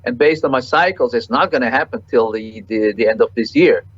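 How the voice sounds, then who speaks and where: Man, interview guest, market analyst, halting speech, repeats words, dull lo-fi recording. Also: mid-range voice. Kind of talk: interview answers.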